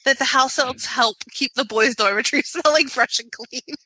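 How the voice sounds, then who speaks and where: Wry woman co-host, higher voice, bright and dry. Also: moderate pace, breathy edge, rough recording. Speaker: podcast co-host. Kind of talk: casual chat.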